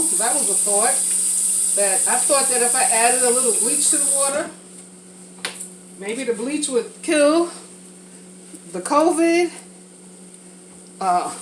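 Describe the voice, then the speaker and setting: Cooking on camera, a female vlogger chats in an open, casual way, her thoughts wandering freely. Her voice is on the high side, and a sinus infection leaves her a bit stuffed up. The background is noisy.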